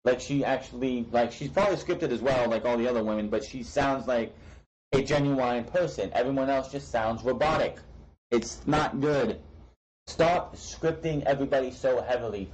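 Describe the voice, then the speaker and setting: A man's voice: mid-range voice, fairly quick, a little mellow, rough recording. A young man recapping wrestling shows in a casual, opinionated way, blunt and ranting, with frequent restarts and casual swearing. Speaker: wrestling show reviewer.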